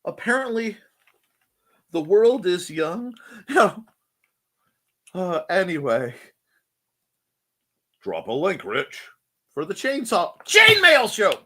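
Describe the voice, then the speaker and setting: A man's voice: sits high, huge pitch swings, takes it slowly, long pauses, bright, forceful tone. A man hosting a casual live chat show, playful and jokey, often breaking into silly voices. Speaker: host.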